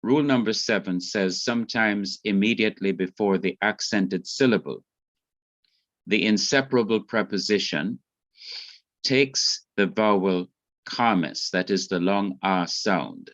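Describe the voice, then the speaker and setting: A man teaches an online Hebrew class in a slow, careful voice, pausing and restarting as he explains rules. His lowish voice comes through dry and a little dull, as over a video call. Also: a bit bright, dry recording.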